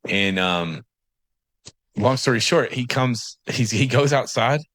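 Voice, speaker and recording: A man's voice: mid-range voice, lively intonation, slow pace, a bit bright, dry recording. A man co-hosting a casual podcast in a studio, telling funny anecdotes with fillers and quoted asides. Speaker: podcast co-host. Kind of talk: casual storytelling.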